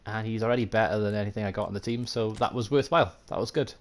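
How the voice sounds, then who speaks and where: This is live gameplay commentary from a Welsh man playing a football management game, casually chatting with viewers and mocking himself as he thinks aloud. His voice is lowish and he talks very fast.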